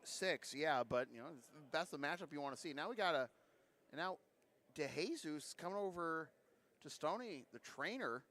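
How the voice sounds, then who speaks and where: Excitable guy calling a basketball game, bright voice, jumps up on big plays. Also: fairly high pitch, normal speed. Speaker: play-by-play commentator. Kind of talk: live basketball commentary.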